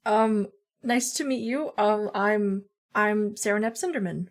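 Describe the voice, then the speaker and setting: A woman's voice: mid-range voice, unhurried. A woman playing a tabletop game in character, hesitant and polite. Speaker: player.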